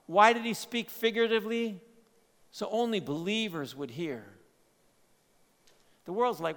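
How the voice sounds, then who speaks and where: A man preaching a sermon, swinging between loud emphatic lines and quiet, low asides. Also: measured pace, pauses often. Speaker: pastor. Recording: long hall reverb.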